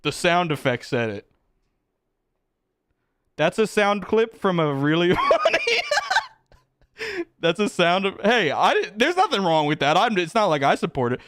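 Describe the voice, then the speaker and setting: A man's voice: high-pitched, very animated, measured pace, long pauses, fairly bright tone, dry recording, studio quality. A man streaming live, chatting casually with his chat, joking and swearing as he reacts. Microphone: close desk mic with headphones.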